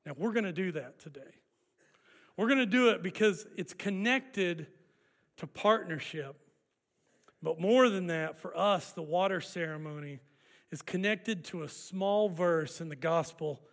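A pastor with a high, gravelly voice preaches a sermon, walking his congregation through an old festival ritual. He is animated and leads them in call-and-response.

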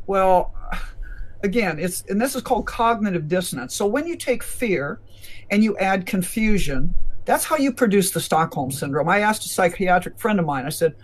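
A man with a notably high voice, talking as a physician guest in an interview. He lectures emphatically, laying out his points one by one. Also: lively intonation, normal speed. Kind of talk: conversational interview.

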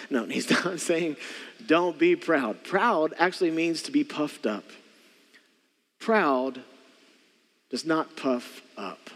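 A man preaching a sermon in a church, talking conversationally to the congregation, repeating key phrases and slowing down to stress them. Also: fairly high pitch, a bit bright, long reverb tail. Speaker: pastor.

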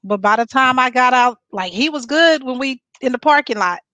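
A woman's voice: high voice, expressive, moderate pace, sharp tone, dry recording. A woman in her forties from Texas, telling a personal story in casual chat as a guest, laughing often.

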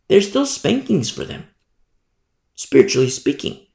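A man preaching a sermon, repeating and stressing points, his voice climbing high when emphatic and stumbling over words as he works through scripture verse by verse. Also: very animated, unhurried, creaky, darkish tone, reverberant. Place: church.

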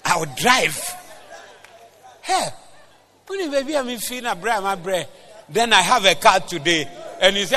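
A Ghanaian man preaches at a church service, his voice pitched a little high and strikingly bright. He moves between English and Twi, rising to loud exhortation and then dropping into quiet, confiding stories from his own life. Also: expressive, moderate pace, long pauses. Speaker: pastor. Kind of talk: preaching a sermon.

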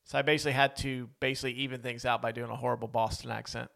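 A man's voice: mid-range voice, level tone, very fast, creaky, bright, forceful tone. A man co-hosting a podcast, chatting casually about a film, talkative and prone to going off on tangents. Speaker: podcast co-host. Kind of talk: casual movie-review chat.

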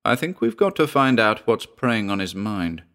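A man voicing a kindly, practical doctor who speaks in a soothing, measured way. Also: on the low side, very animated, a bit bright. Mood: reassuring.

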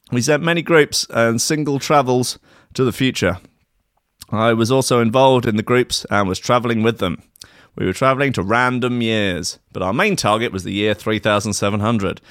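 A man doing a mock impression of an earnest male time traveller with a peculiar, halting foreign accent and broken grammar. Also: medium pitch, a bit bright, smooth, no echo, clean studio sound, natural voice. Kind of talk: mock impression in a comedy podcast.

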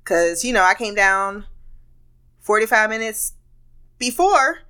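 A woman's voice: medium pitch, expressive, slow pace, pushed and bright, clear, resonant tone. A woman hosting a podcast, telling a rambling, candid story in a casual monologue with frequent laughter and swearing. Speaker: podcast host.

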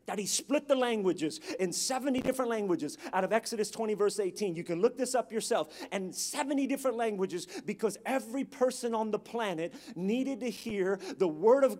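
A man preaching a sermon, building his repeated phrases up to loud, emphatic peaks. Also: high-pitched.

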